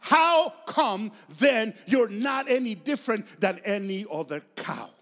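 A high-voiced man preaches with fervor, his pitch leaping up and down as he presses each point. His voice rings out with a long reverb, as in a large hall. He keeps circling back to the same words for emphasis. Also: lively intonation, unhurried, a bit bright. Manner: passionate, emphatic preaching with repeated phrases. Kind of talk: sermon.

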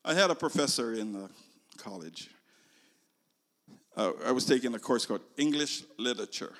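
An older man preaching a sermon, telling a story slowly and moving between loud emphasis and hushed, near-whispered lines. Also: mid-range voice, expressive. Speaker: pastor. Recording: long reverb of a large hall.

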